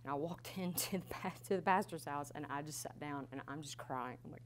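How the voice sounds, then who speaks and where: Casting: woman in her 30s, worship leader, candid storyteller, lowish voice, faint hum behind. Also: fairly quick. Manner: candid, animated storytelling with laughs. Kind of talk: conference teaching talk.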